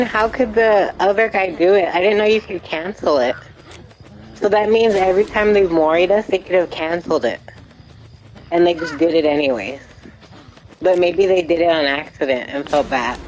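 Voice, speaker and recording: A woman's voice: fairly low pitch, darkish tone, slight background noise, rough recording. Giggly apologetic young woman streamer. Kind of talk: casual gameplay commentary.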